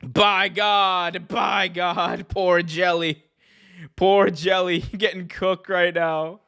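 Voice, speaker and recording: A man hosting a live wrestling watch-along, talking in an excitable, slangy way and laughing often. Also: high-pitched, extremely slow, smooth. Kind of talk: live reaction commentary.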